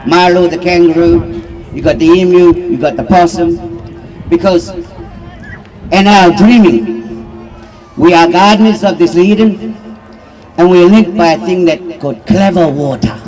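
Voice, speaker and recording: A fairly high-voiced man explains things in a calm, measured voice at an open-air rally. He sounds distant from the microphone, caught from a little way off. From Australia. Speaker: rally speaker. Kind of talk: storytelling speech. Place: outdoor protest rally.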